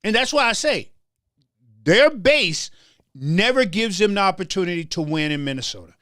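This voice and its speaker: A man's voice: sits high, expressive, moderate pace, sharp tone, no echo, studio quality. A man hosting a political talk show, delivering a heated commentary monologue with stammered restarts and a preacher-like rhythm. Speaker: show host.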